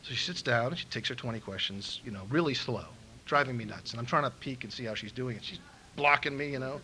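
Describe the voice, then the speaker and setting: A middle-aged man from Los Angeles speaking at a recovery meeting, telling an animated story and acting out the quotes. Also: mid-range voice, fast talker, slight background noise, low-quality recording. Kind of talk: storytelling talk. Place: meeting room in a school.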